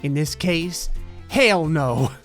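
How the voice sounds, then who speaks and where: A man's voice: a little high, lively intonation, fairly bright tone, faint music behind. Sarcastic man doing gameplay commentary. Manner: sarcastic, jokey, voices the game characters in quick asides. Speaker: gaming channel host.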